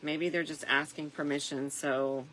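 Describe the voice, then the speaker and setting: A tired middle-aged woman talks through a wreath craft in an unhurried, reflective way, dotted with fillers. Her voice sits low but has a bright, clear edge. A faint hiss runs underneath. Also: fairly even intonation, low-quality recording. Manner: soft-spoken and reflective, with frequent fillers. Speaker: craft vlogger. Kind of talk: casual crafting chat.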